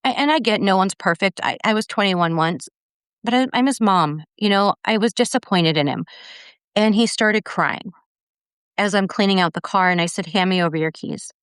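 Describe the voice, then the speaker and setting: A woman's voice: medium pitch, moderate pace, fairly bright tone, clear, resonant tone, dry recording, studio quality. A middle-aged woman telling a personal story as a podcast guest, earnestly retelling events and quoting the dialogue.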